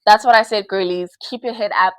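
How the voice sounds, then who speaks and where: A woman's voice: mid-range voice, a little fast, clean tone, dry recording, low-quality recording. A young woman hosting a podcast, giving candid advice in a casual chat and laughing often. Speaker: podcast host.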